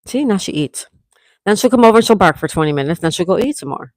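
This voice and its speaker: A woman hosting a casual live chat, greeting viewers by name and gently scolding her dog, with a sore throat coming on. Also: lowish voice, expressive, fast, no room sound, clean studio sound. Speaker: livestream host.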